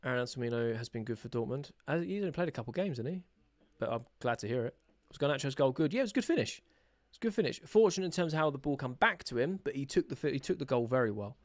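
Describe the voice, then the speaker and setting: A young man hosting a live football watch-along, chatting casually with his viewers, excitable and sarcastic, shouting when his team scores. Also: mid-range voice, fast talker, hardly any pauses, dry recording. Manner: excitable, bursts into shouts at goals, sarcastic banter with chat. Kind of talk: live match reaction chat.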